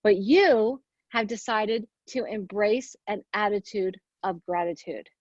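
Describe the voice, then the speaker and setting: A woman's voice: mid-range voice, measured pace, a little mellow, no echo, lo-fi sound. A woman giving an earnest motivational talk, asking rhetorical questions and counting off her points. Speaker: speaker at a women's leadership event.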